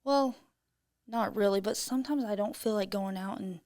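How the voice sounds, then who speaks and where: A woman co-hosting a podcast in casual chat, laid-back and deadpan, swearing freely. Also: mid-range voice, normal speed, dry recording, studio quality. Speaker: podcast co-host.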